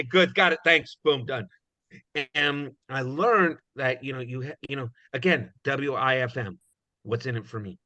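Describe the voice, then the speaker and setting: A man's voice: medium pitch, pushed and bright, no echo. A man giving a casual, rambling talk on recruiting, full of "you know" fillers, acting out little dialogues. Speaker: guest speaker on recruiting. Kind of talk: conversational presentation. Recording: dull, muffled audio.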